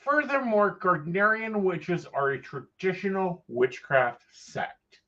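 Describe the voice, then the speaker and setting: A man's voice: sits high, lively intonation, slow, bright, forceful tone. A man hosting a casual chat, gossipy with dry, wry asides. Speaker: psychic host. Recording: dull lo-fi sound.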